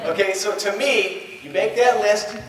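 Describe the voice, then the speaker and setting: A man's voice: high voice, a little slow, recorded from a distance. Guy running a seminar, acts out little chats, fires questions at the room, super echoey hall. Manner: animated storyteller who acts out dialogue and quizzes the crowd. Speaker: motivational trainer. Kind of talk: live motivational seminar talk. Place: large event hall.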